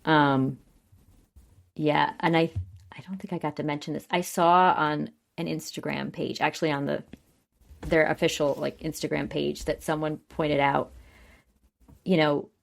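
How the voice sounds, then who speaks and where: A chatty young woman with a low, gravelly voice co-hosts a casual podcast. She recaps scenes and slips into quoting characters as she goes. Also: a little slow, long pauses. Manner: quotes characters in lively voices, chatty, laughs often. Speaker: podcast co-host.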